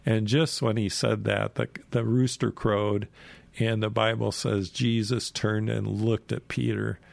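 Rambling man with a gravelly voice. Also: on the low side, level tone, unhurried, a little mellow, dry recording. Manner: rambling, full of fillers and asides. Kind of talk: casual retelling of Bible stories.

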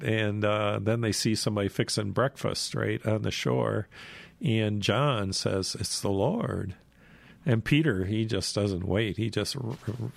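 A man telling a Bible story in a loose, chatty way, acting out the quoted lines with fillers and soft chuckles. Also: on the low side, creaky, dry recording. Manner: retells scenes with lively quoted voices, chuckling, many fillers.

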